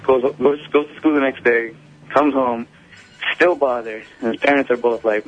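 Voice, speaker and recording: A man's voice: medium pitch, fairly even intonation, normal speed. A male caller tells a joke to a radio host in a loose, slangy way. His voice comes through a muffled phone line with faint music underneath. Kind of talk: telling a joke on a call-in show.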